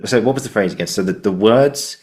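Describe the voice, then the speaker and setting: A man's voice: fairly low pitch, fast, a little mellow. A man hosting a podcast interview, rambling loosely through stories with lots of fillers. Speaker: podcast host. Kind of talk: casual interview chat.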